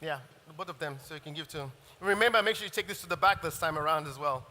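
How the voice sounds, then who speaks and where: A man teaching a live cooking masterclass, explaining in a relaxed, halting way as he works. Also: a little high. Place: event hall with audience. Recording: long reverb of a large hall.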